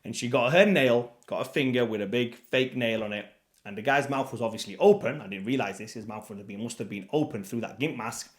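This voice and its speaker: Blunt man telling a wild story. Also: mid-range voice. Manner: animated, blunt, swears freely, acts out moments. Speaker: vlogger. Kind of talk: casual storytelling to camera.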